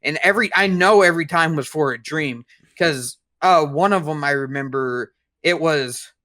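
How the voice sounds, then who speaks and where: A young man co-hosts a podcast with a voice a little higher than most men's. He tells stories in a rambling, halting way, often restarting his sentences. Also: sharp tone. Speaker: podcast co-host. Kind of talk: casual chat.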